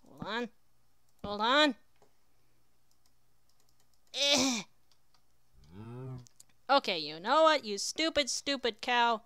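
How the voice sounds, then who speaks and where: A woman's voice: fairly high pitch, a little slow, pauses often, sharp tone, smooth, no room sound. A woman giving casual gameplay commentary, chatty and talking to herself with sudden exclamations. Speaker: let's player.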